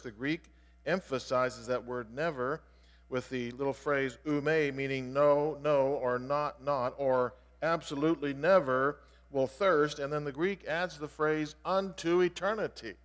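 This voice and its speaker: A man's voice: mid-range voice, fairly even intonation, a little slow. A man preaching an explanatory sermon in an earnest way, stressing key words as he teaches. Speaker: pastor. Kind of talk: expository sermon. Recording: long reverb of a large hall.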